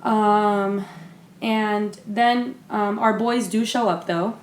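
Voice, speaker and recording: A woman's voice: mid-range voice, steady tone, slow pace, a little hiss or hum. A woman co-hosting a podcast in casual chat, talking loosely with many fillers and restarts. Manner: chatty, lots of fillers and restarts. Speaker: podcast co-host. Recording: roomy echo.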